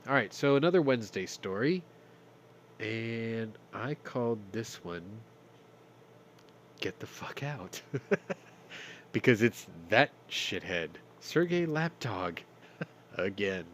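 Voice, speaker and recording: Host, male, low lively voice, congested, wry profane news commentary, faint background noise. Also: slow pace, pauses often. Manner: sarcastic, swears, reads news then jokes. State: stuffy from sinuses. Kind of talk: casual news roundup with commentary.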